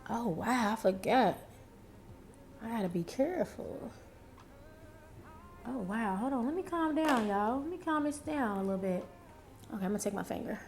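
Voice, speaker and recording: A woman's voice: fairly high pitch, animated, creaky, darkish tone, slight background noise. A young woman talking viewers through her makeup routine in a casual, chatty way, often addressing them directly and talking to herself. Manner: chatty, talks to viewers and herself, drawn-out exclamations. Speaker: beauty vlogger.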